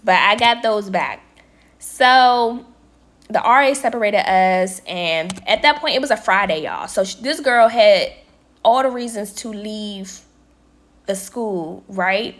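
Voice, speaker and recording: A young woman vlogger telling a story in casual chat, talking straight to her viewers and quoting people in lively voices. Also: medium pitch, slow pace. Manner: chatty, addresses viewers as y'all, quotes people with lively voices. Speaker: vlogger and nail tech.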